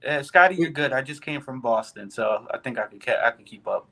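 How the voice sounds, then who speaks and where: A man's voice: medium pitch, expressive, fairly quick, bright, forceful tone, a little hiss or hum, low-quality recording. A man co-hosting a casual trucker chat, joking around and laughing often.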